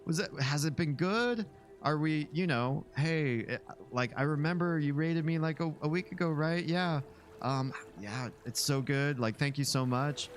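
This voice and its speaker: A man's voice: on the high side, a little slow, pitched above the performer's own voice, natural voice. A man voicing a gushing, overfriendly young male streamer, full of chummy bro talk.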